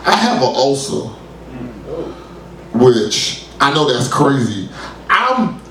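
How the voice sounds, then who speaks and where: A man, doing a loose, profane stand-up set with sudden shouted, high-pitched outbursts at an open mic. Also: big pitch swings, takes it slowly, slight background noise. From New York. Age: 30s. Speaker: stand-up comedian. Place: small club at an open mic. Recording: roomy club sound from a distant mic.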